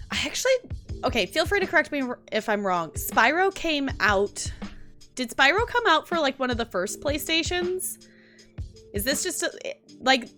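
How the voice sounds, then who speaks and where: A young woman chats with her stream viewers in a bright, clear voice. She rambles and restarts her sentences, full of fillers. Soft lo-fi music plays faintly behind her. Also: medium pitch. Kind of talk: casual stream chat.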